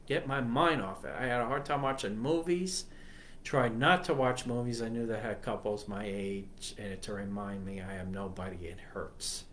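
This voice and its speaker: A man who leads a ministry, giving a personal testimony in a halting, earnest way, often stopping to correct himself. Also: mid-range voice, fairly bright tone, a little hiss or hum. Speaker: ministry leader.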